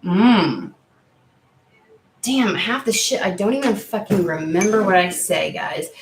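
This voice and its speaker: A woman's voice: on the low side, unhurried, slight background noise. A woman hosting a tarot livestream, talking casually, swearing freely and reacting to viewer comments. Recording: roomy echo.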